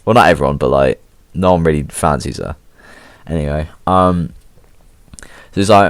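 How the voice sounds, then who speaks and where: A teenage lad with an English accent tells a school story in a loose, slang-heavy ramble, swearing freely. His voice sits low. The recording is very dry, with no room sound. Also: moderate pace, pauses often, no echo. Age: teens. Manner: slangy, swears a lot, laid-back. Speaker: vlogger. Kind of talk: casual storytelling.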